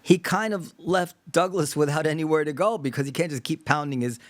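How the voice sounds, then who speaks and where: Male podcast host, casual discussion, animated and digressive, fairly high voice, dry close sound. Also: fairly quick, no room sound. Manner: animated, acts out imagined dialogues; digressive, thinks aloud with fillers.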